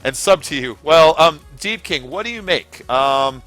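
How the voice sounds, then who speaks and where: A man with a fairly high, animated, slightly bright voice talks a little slowly over faint background music. He's streaming a racing game, rambling casually to chat with many fillers as he comments on his racing.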